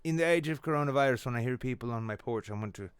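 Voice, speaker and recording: A man's voice: medium pitch, rapid-fire, clear, resonant tone, no echo. A man hosting a late-night comedy show from his apartment, ranting about the news sarcastically and swearing constantly. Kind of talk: profane satirical news rant. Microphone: on camera at home.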